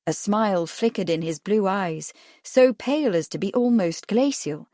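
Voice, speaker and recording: A woman reading an audiobook mystery in a steady, even narration. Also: mid-range voice, normal speed, no echo, clean studio sound.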